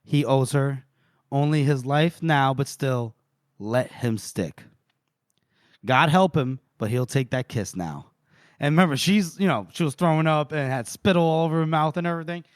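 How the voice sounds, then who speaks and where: A man's voice: on the high side, moderate pace, clear, resonant tone, no echo. A man retelling a novel with relish, in a dry close sound. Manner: animated retelling, reading out and voicing quotes. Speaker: podcast co-host. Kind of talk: casual book-recap chat.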